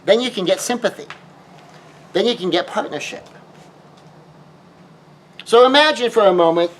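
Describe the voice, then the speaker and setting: Male grief speaker with a higher-than-usual voice. Lectures emphatically and leans on repetition. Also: normal speed, long pauses, poor audio. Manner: emphatic, repeats key phrases, asks rhetorical questions.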